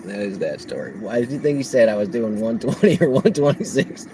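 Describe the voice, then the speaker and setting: A man livestreaming on the road as a delivery driver, telling a story in a casual, animated way and laughing often. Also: mid-range voice, brisk, slight background noise, low-quality recording.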